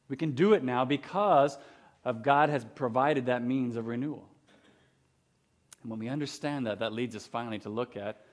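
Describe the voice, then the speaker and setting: A man preaches a sermon with a conversational touch. He often turns to the congregation with questions, and his voice sits at a middle pitch. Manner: conversational, asks rhetorical questions. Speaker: pastor.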